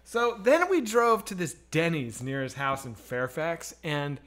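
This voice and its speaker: Male comedy host, storytelling, lively pitch, bright edge, profane. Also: a little slow. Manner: animated, profane, acts out the voices in his story. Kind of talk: storytelling on a stream.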